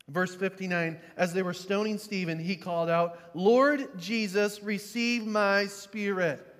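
A pastor giving a sermon, dropping to quiet, low reflection and rising to loud, emphatic preaching. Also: male voice, big-room sound.

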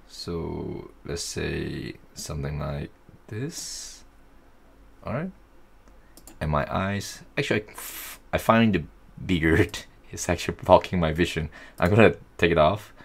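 A young man walks through a software tutorial in an easygoing, thinking-aloud way. His voice sits low and carries a gravelly edge. He takes his time over every step. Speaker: tutorial host. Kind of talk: casual screen-recorded software tutorial.

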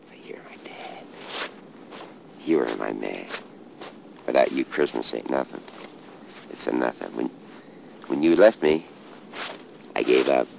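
A man speaks slowly and haltingly at a graveside, circling back over the same words. His voice sits very low with a gravelly edge. The outdoor recording is noisy, with traffic passing nearby. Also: darkish tone. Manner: grieving, halting, repeats himself. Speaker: street hustler. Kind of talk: documentary monologue at a grave. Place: outdoors at a cemetery by a car.

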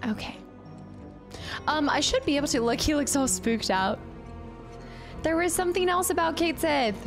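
A young woman streaming a video game, chatty and excitable, thinking aloud as she plays. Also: high-pitched, normal speed, music in the background. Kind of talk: casual let's-play commentary.

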